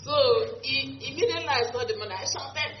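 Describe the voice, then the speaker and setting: A young woman telling her story in an excited, animated way. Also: high voice, a little fast, faint music behind. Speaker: beneficiary giving testimony. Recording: echoey room, dull lo-fi audio, faint hum.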